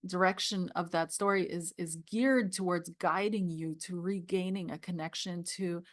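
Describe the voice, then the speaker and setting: A woman's voice: lowish voice, steady tone, normal speed, no echo, clean studio sound. A woman reviewing a tarot deck, reading scripture passages aloud and talking with emotional, tearful awe. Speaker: tarot reader.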